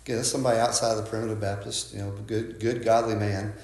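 A man's voice: lowish voice, little pitch movement, racing, darkish tone, echoey room. A man preaching a sermon as a pastor, conversational and folksy, often asking "right?" and restarting his words.

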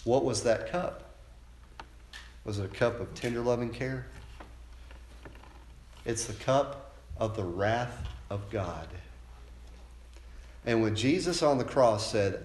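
A man preaching a sermon, moving from calm teaching to loud, fervent passages and acted-out quotes. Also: slow pace, pauses often, echoey room, slight background noise. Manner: builds from calm teaching to loud, high-pitched fervor.

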